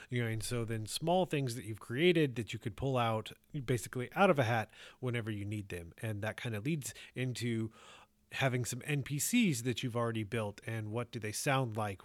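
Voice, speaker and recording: A man's voice: mid-range voice, dry recording. A man co-hosting a tabletop gaming podcast, casually and earnestly giving advice. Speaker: podcast co-host.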